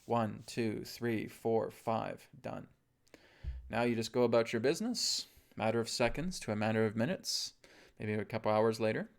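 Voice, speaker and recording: A man giving a calm, instructive talk on a live webcast, often checking in with his listeners. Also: on the low side, brisk. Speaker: spiritual teacher.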